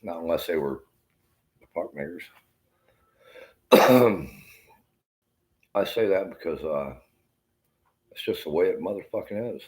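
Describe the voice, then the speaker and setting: A man's voice: deep voice, expressive, measured pace, long pauses, darkish tone. A man in pain giving a profane, rambling, bitter rant to the camera. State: in pain, feeling unwell.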